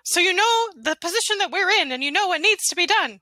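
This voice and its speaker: A woman voicing a pompous little gingerbread man general who speaks with stiff military formality in a high, squeaky voice. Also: animated, quick pace, bright, forceful tone, dry recording, full character voice. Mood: earnest.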